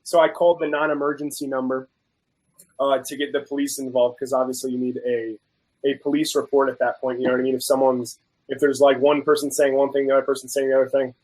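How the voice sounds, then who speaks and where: A man guest on a chat show, telling a story in a casual, animated way and acting out the quoted people. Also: mid-range voice, fast talker, rough recording. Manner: animated, acts out both sides of quoted dialogue. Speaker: guest food reviewer.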